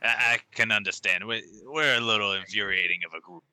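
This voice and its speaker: A man playing in a tabletop game, chatting in an animated way and often stumbling as he restarts his sentences. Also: lowish voice, a little fast, clear, resonant tone, no echo. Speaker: player. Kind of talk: casual tabletop game chat.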